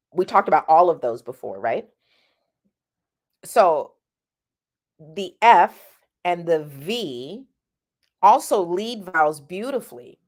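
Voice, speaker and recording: A middle-aged woman giving a chatty singing lesson, often checking in with "right?" and demonstrating sounds. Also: deep voice. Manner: demonstrates sounds mid-sentence. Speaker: singing teacher. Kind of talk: casual vocal lesson.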